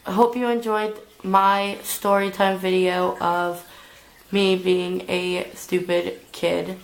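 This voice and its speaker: A woman's voice: fairly low pitch, little pitch movement, slow, gravelly, low-quality recording. A young adult woman telling a storytime vlog, rambling along with lots of filler "like"s. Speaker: vlogger.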